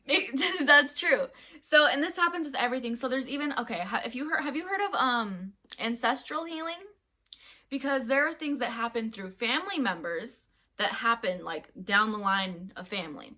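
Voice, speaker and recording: Woman co-host, bright sharp tone, animated casual chatter with lots of fillers. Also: a little high, normal speed. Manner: animated, laughs often, many fillers. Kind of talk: casual podcast chat.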